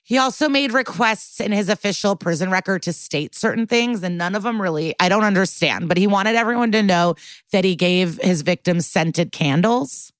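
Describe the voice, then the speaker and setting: A woman's voice: mid-range voice, expressive, normal speed, no echo. A woman co-hosts a podcast in an easy, blunt way, peppering her talk with ums and likes. Her voice sits in a middling register. The sound is dry and close, with no room around it. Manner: chatty, blunt, peppered with fillers. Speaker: podcast co-host. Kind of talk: casual chat.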